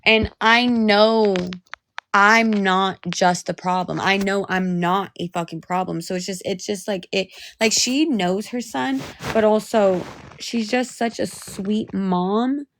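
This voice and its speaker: A woman's voice: medium pitch, slow, fairly bright tone, slight background noise. Young woman, live streamer, near tears, voice cracking, heavy swearing, repeats herself, phone mic. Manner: profane, repetitive, restarts sentences. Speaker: livestreamer. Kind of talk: emotional live-stream venting.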